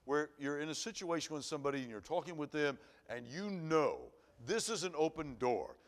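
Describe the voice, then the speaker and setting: A man's voice: fairly high pitch, expressive, a little fast. A middle-aged man preaching at an evening church service, telling a personal story in a folksy, earnest way. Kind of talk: sermon. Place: church auditorium.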